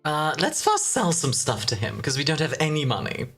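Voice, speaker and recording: Playful low-voiced woman streamer. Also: wildly swooping pitch, normal speed, fairly bright tone, husky, soft background music. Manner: playful and self-mocking, bursts of laughter. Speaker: streamer playing a game. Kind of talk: casual live-stream chat.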